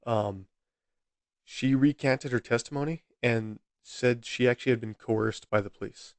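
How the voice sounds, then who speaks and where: A man's voice: medium pitch, measured pace, dry recording. A man hosting a solo true-crime podcast, talking in an exasperated, rambling way with frequent outbursts and restarts. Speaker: podcast host.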